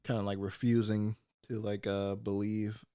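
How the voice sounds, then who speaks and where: Low-voiced man, quiet and off-mic. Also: level tone, moderate pace, clean tone, no room sound, studio quality. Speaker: podcast co-host. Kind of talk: casual film discussion.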